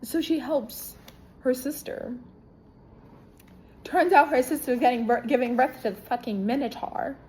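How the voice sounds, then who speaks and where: Female book reviewer, slow-talking, irreverent and profane, casual chat. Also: high-pitched, low-quality recording. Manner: irreverent, profane, animated retelling.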